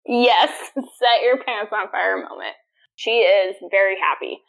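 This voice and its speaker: A woman's voice: mid-range voice, unhurried, creaky, a bit bright, low-quality recording. A woman co-hosting a podcast, chatting casually and animatedly retelling scenes with laughter. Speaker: podcast co-host. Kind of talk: casual chat.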